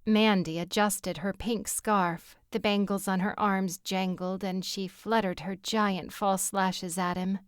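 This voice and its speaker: A woman narrating an audiobook in a measured, even storytelling manner on a close mic. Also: mid-range voice, smooth, no room sound. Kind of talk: scripted narration.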